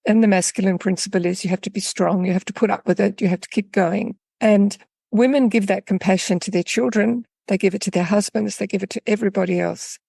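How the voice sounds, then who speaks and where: A woman guest talks in an unhurried, reflective way, with a gravelly, slightly husky voice. Her tone is dark and mellow, and it is recorded dry and close. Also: mid-range voice, steady tone, no room sound. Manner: thoughtful, unhurried, with small restarts. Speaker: guest, coach for women in midlife. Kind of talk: reflective interview talk with storytelling.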